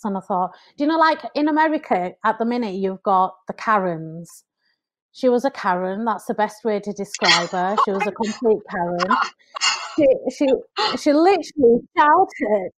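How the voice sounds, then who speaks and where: An earnest woman with an English accent recounts her story as a podcast guest. Her voice sits at a middle pitch, and she grows animated whenever she quotes someone. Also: normal speed. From United Kingdom. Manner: earnest, animated when quoting people. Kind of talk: conversational storytelling.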